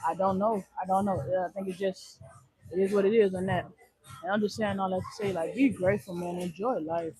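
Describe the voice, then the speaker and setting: Guy with a high voice just rambling on his live, says stuff twice. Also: steady tone, brisk, darkish tone, low-quality recording. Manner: rambling, repeats phrases. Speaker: livestream host. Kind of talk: casual livestream chat.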